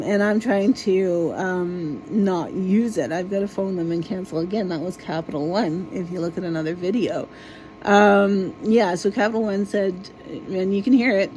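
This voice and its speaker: A woman delivers an exasperated, casual rant straight to her viewers, swearing freely as she goes. Her voice is mellow and warm at an ordinary pitch, with a faint hiss of background noise under it. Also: normal speed, low-quality recording. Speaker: vlogger. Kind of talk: casual ranting monologue.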